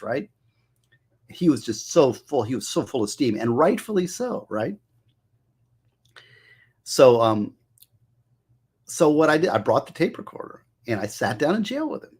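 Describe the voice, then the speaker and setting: A man tells stories from his years as a public defender, casual and rambling. His voice is husky, his pitch lively, and he slips into other people's voices as he quotes them. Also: normal speed, pauses often. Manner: animated, acts out quotes with shifting voices. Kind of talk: casual storytelling monologue.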